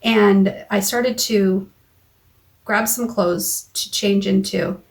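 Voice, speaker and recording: In a raw personal vlog shot in a car or at home, a woman talks straight into her phone camera, haltingly retelling a frightening argument. She restarts often and quotes both sides of the exchange. Her voice is middling in pitch and her tone stays steady.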